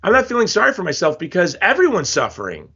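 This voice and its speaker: A man's voice: high voice, wildly swooping pitch, quick pace, pushed and bright, slightly rough, highs cut off. A man speaking as a guest in a podcast interview, telling stories with passion and emphatic repetition. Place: Hawaii.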